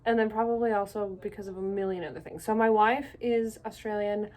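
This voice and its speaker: A young woman from Canada chatting on her own in a casual vlog, rambling from one thought to the next and laughing at herself. Her voice sits at an ordinary middle pitch and she talks in a relaxed, self-deprecating way. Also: brisk. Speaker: vlogger.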